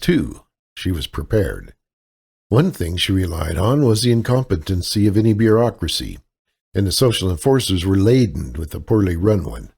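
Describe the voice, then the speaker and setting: A man reading a novel aloud as narrator, with steady, dramatic storytelling. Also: deep voice, creaky, husky. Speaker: audiobook narrator. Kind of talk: scripted narration.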